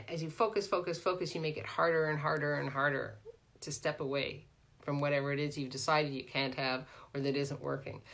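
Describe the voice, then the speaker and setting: A middle-aged woman with a somewhat low voice talks through a live coaching session. She is animated and chatty, tossing out "right?" and answering viewers as they come in. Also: vocal fry. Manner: animated, peppered with "right?", greets viewers by name. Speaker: life coach hosting a live Q&A. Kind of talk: casual live-stream coaching talk.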